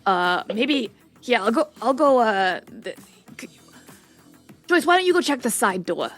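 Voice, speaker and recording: A woman running a tabletop game stream, describing scenes in a chatty way full of ums and quick asides. Her voice sits on the higher side, with faint music under it. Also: very animated. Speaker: game master.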